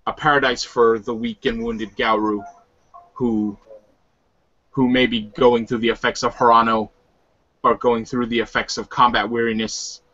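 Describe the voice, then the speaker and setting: A man's voice: medium pitch, fairly bright tone, no room sound. A man playing a tabletop role-playing game, talking in a casual, rambling way with frequent restarts. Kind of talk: casual in-character game talk. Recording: dull lo-fi dry recording.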